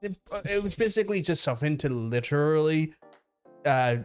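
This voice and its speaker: A man's voice: fairly high pitch, animated, brisk, clear, resonant tone, soft background music. A Northern Irish man co-hosting a comedy talk show, ranting in sweary casual banter and often restarting his sentences. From Northern Ireland.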